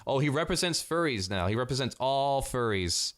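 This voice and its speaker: A man's voice: medium pitch, lively intonation, normal speed, a bit bright. Sarcastic, profane man ranting. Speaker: vlogger. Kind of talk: commentary rant.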